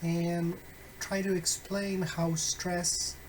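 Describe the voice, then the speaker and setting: Man, teacher explaining phonetics, slow delivery, filler-heavy, wry asides. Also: high-pitched, little pitch movement, a little hiss or hum, poor audio. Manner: deliberate, many fillers and self-corrections; wry, friendly asides to students. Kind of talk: recorded online lecture.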